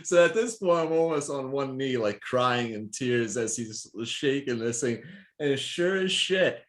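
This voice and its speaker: Medium in pitch and a bit bright, this man's voice is animated yet unhurried. Co-hosting a podcast as a physical therapist, he laughs a lot and rambles through his stories with many fillers.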